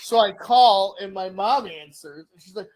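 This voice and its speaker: A man's voice: high-pitched, moderate pace. A middle-aged man co-hosting a casual podcast chat, asking questions and telling stories with acted-out voices. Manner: animated storyteller, acts out voices.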